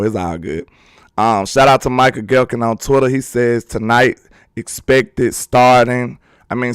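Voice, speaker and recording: A man hosting a sports livestream, chatting casually and excitedly while reading viewer comments. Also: medium pitch, smooth, dry recording, studio quality. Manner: excitable, talkative, teasing with chat.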